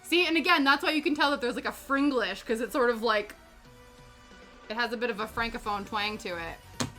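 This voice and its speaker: A woman's voice: on the high side, a little fast, sharp tone. A young Canadian woman with a Canadian accent, chatting casually and giggling as she rambles on a crafting livestream. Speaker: streamer. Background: background music.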